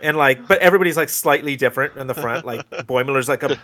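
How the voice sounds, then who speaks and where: A man's voice: mid-range voice, quick pace, bright, forceful tone. A man co-hosting a podcast, casually retelling a cartoon episode with lots of fillers. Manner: rambling retelling with many fillers. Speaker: podcast co-host. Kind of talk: casual chat.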